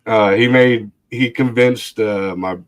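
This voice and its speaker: A man's voice: lowish voice, steady tone, takes it slowly. A man casually telling a long story, rambling with fillers, laughing often and acting out other people's voices. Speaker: livestream guest.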